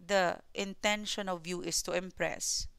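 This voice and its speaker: A woman's voice: lowish voice, fairly even intonation, unhurried, vocal fry, fairly bright tone, clean tone, no room sound. A woman with a mixed Filipino and New Zealand accent, giving a tarot reading to viewers in a repetitive, reassuring way. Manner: repetitive and reassuring, often adding "okay?". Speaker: tarot reader.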